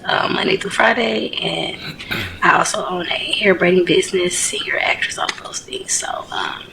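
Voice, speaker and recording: A woman's voice: on the low side, creaky, slight background noise, poor audio. Blunt, profane woman ranting to camera. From United States. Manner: animated storytelling, blunt and profane. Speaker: vlogger. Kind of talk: casual rant to camera.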